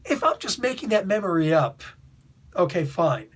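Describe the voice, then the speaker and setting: Chatty man with a husky voice. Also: high voice, very animated, moderate pace. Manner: chatty, laughs often, asks "you know what I'm saying?"; rambling, with restarts and asides. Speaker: comic book reviewer. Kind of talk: casual spoken review.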